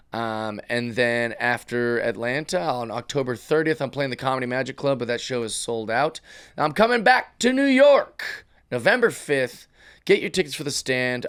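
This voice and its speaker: A man's voice: mid-range voice, a bit bright. A middle-aged man hosting his own comedy podcast, ranting in a casual monologue and slipping into mocking voice impressions.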